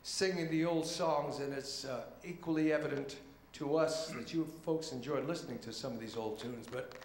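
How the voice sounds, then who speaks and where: A man's voice: medium pitch, normal speed, roomy sound, slight background noise. A man introducing a song from the stage with a polished, wry showman's delivery. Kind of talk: stage patter. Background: band music.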